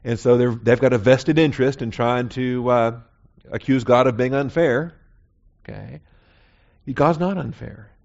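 A man's voice: medium pitch, a little slow, gravelly, darkish tone, lo-fi sound. A man teaching a Bible class in a conversational sermon style, often checking in with "okay?". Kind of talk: sermon lecture.

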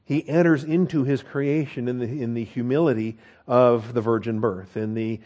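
A man of middling pitch preaches verse by verse with earnest emphasis. He slows right down to stress key words and often checks in with his listeners. His prayer is softer and lower than his teaching. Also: steady tone, dull audio. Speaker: pastor. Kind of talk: Bible teaching sermon with prayer.

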